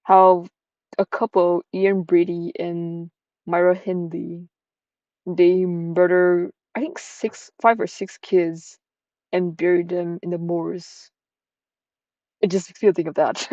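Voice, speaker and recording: A woman streamer gives giggly, chatty commentary between story passages. Her voice is low and mellow, and it sits on a dull, dry lo-fi recording. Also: steady tone, slow, no echo. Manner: giggly, chatty, swears casually. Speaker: streamer reading an interactive story. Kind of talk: casual commentary.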